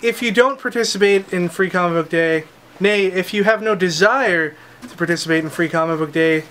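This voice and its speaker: High-voiced man presenting comic covers. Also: moderate pace, fairly bright tone, a little hiss or hum. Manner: upbeat, eager salesman patter. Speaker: comic shop host. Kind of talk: product showcase chat.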